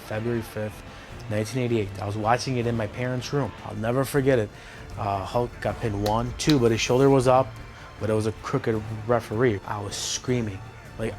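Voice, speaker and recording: A man in his forties, telling stories in a documentary interview with an excitable, emphatic manner, acting out his own shouting. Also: fairly low pitch. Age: 40s. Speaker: interviewee, lifelong wrestling fan. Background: background score music.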